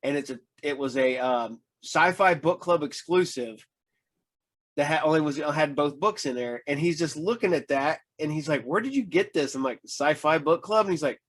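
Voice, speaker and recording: Man, podcast host, fairly high voice, casual chat, rambling anecdotes, lots of fillers, acts out quotes. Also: normal speed.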